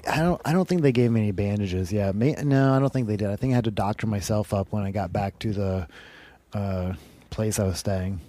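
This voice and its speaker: A man talks through a long misadventure in a loose, rambling way, filling every gap with "like" and a bit of swearing. His voice sits a little low. The room is dry and close. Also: brisk, warm tone, no room sound. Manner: rambling, heavy use of "like", swearing. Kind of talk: casual storytelling.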